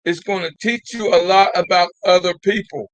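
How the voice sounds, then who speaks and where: A man's voice: high voice, moderate pace, no room sound, rough recording. An older man hosting a live call-in talk show, exhorting his listeners in a repetitive, folksy way and calling them "y'all.".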